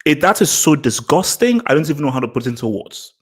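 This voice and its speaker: A man's voice: a little high, sing-song, fast talker, slightly rough. A man hosting his own vlog, giving casual opinion commentary in an emphatic way, repeating phrases and restarting sentences. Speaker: vlog host.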